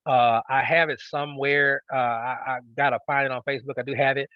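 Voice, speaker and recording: A man's voice: medium pitch, steady tone, fairly quick, no room sound, muffled recording. A man teaching a sales training class, emphatic and repetitive, often checking in with his listeners. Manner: emphatic, repeats key phrases, checks in with "okay?". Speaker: network marketing trainer. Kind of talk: instructional talk.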